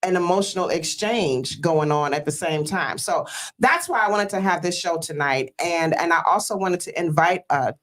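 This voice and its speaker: Host, woman from Detroit, fairly low voice, earnest storyteller, calls out praise. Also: expressive, normal speed, a bit bright. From Detroit, USA. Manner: earnest, storytelling, with frequent fillers; exclaims praise like a church greeting. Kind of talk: casual emotional talk-show hosting.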